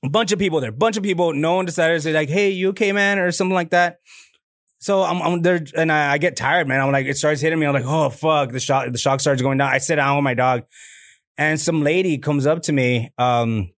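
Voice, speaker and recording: Comedian guest from Laredo, lively story-told banter, slightly high register, dry studio sound. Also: male voice, fairly quick, dry recording. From Laredo, Texas. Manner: animated storyteller, swears freely, acts out voices. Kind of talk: casual storytelling chat.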